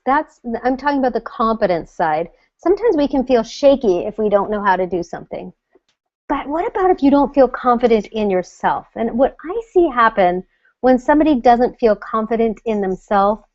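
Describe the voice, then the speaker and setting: Middle-aged lady coach talking confidence to a web audience, lively, lo-fi. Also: medium pitch, dry recording. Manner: animated, acts out scared inner voices. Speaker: confidence coach hosting a live web session. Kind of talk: coaching talk to an online audience.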